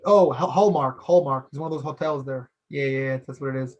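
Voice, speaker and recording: Fast-talking man hosting a podcast. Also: medium pitch, darkish tone, dull audio. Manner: rambling, loose, repeats phrases and fills with "you know". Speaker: podcast host. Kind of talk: casual solo podcast monologue. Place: based in Philadelphia.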